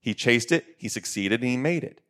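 A man's voice: medium pitch, lively intonation, fairly quick, fairly bright tone. A middle-aged man and former coach, giving emphatic motivational talk on a podcast, repeating lines for stress.

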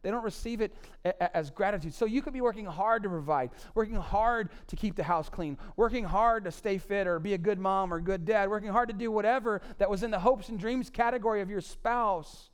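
Animated high-voiced male preacher. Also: brisk, few pauses, smooth. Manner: animated, swings between loud emphasis and low quiet asides. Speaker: pastor. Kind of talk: sermon on marriage.

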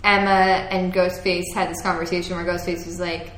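A woman's voice: fairly low pitch, little pitch movement, normal speed, few pauses, fairly bright tone, slight background noise. A young adult woman co-hosting a podcast in casual chat, talking loosely with lots of "like" and frequent laughs. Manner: chatty, laughs often, fillers of "like". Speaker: podcast co-host. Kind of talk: casual chat about a TV show. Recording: echoey room.

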